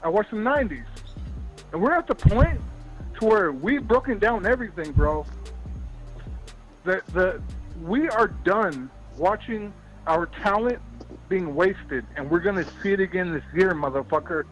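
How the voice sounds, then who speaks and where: A high-pitched man calls in and rants, yelling and swearing, tripping over his words as he circles back to the same point again and again. Faint music plays underneath. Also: expressive, unhurried, long pauses, poor audio. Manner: yelling, profane, repeats himself. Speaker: caller. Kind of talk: angry call-in rant.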